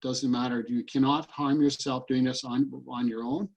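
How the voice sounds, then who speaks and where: Earnest and repetitive, a male EFT practitioner walks his video-call audience through a guided tapping sequence using short statements. His medium-pitched voice is steady and a little mellow, delivered at a moderate pace. Poor audio quality throughout.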